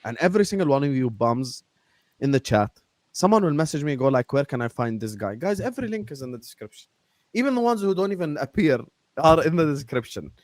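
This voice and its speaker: Young guy hosting a stream, slangy and laughing a lot, higher voice, dry close mic. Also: fast, no echo. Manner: animated, laughing, street slang. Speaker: host. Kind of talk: casual livestream chat.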